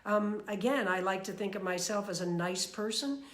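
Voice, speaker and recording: A woman's voice: mid-range voice, moderate pace. Chatty woman in an echoey room. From New York. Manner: chatty, animated, lots of fillers and restarts. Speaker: speaker sharing personal mantras. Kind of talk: casual motivational talk.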